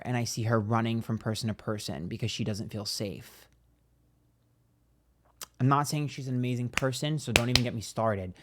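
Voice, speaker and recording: A man doing a tarot reading to his viewers in a loose, rambling way. He trips over his words and repeats himself, then pushes hard with blunt, swearing emphasis. His pitch sits in an ordinary middle range for a man. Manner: rambling, hesitant, emphatic and profane. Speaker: psychic tarot reader. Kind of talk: casual tarot reading to camera.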